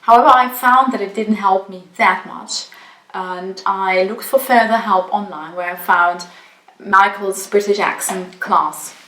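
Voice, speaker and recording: A woman's voice: mid-range voice, fairly even intonation, unhurried, a bit bright. A young woman with as her language, a university student giving a careful, matter-of-fact testimonial. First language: German. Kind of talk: spoken testimonial. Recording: echoey room.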